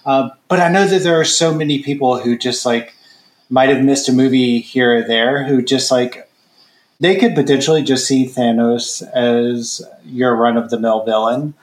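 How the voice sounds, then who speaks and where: A man's voice: medium pitch, fairly even intonation, normal speed. A man co-hosting a casual podcast, talking hesitantly with many restarts and fillers. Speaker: podcast co-host. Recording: roomy echo.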